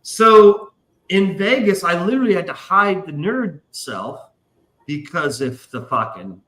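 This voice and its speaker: A man's voice: high voice, lively intonation, measured pace, bright, forceful tone, roomy sound. A man hosting a casual livestream chat, telling long rambling profane stories. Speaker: podcast host.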